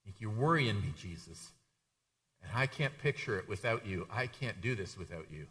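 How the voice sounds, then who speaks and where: A man's voice: a little high, expressive, unhurried, pushed and bright. A man voicing an anxious, devoted male disciple who begs his teacher not to die, stammering and repeating himself. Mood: worried.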